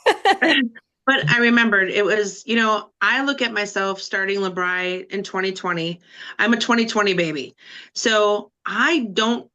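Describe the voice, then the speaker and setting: A woman on a team video call who shares a personal story in an emotional, animated way, with rambling restarts. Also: mid-range voice, measured pace. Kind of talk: casual personal sharing.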